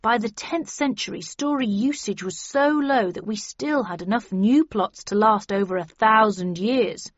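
A woman's voice: mid-range voice, measured pace, hardly any pauses, dry recording, muffled recording, natural voice. A woman reading the part of a male official explaining a crisis at length, in an earnest, lecturing way, in an audiobook.

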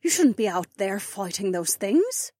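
A man's voice: sits high, big pitch swings, measured pace, darkish tone, no room sound, clean studio sound, voice pushed up, heavily acted. Brief: weary, caring older female nurse, raised light voice, done by a male narrator. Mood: concerned. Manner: motherly, concerned.

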